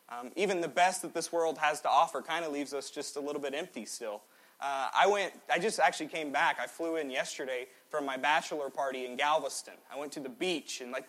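A man in his twenties preaching a sermon in a church, swinging between loud exhortation and quiet, joking asides. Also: fairly high pitch. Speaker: pastor. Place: church sanctuary.

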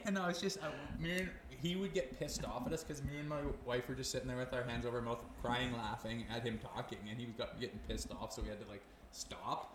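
A man's voice: medium pitch, quick pace, few pauses, echoey room, background noise. Laid-back swearing Canadian man telling stories. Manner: laid-back, swears a lot, laughs through his stories. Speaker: podcast guest, former pro hockey player. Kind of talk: casual storytelling chat.

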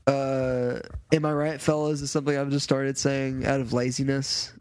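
A man's voice: mid-range voice, little pitch movement, moderate pace, a little mellow, clean tone, no echo. A young man co-hosting a casual podcast chat from a late-night road trip, telling rambling stories and laughing often. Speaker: podcast co-host.

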